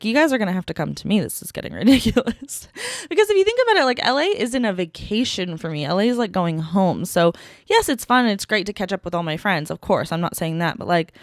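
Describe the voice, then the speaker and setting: Woman, young adult, podcast host, casual rambling chat, low-ish voice, dry studio sound. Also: no echo. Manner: rambling, chatty, heavy on fillers. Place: small home podcast studio. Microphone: studio mic.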